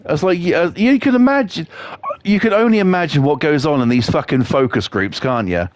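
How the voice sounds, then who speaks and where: A man's voice: on the high side, animated, fairly quick, slight background noise. A man, chatting on a live game stream in a sweary, rambling, jokey way. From England. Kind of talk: casual chat on a live stream.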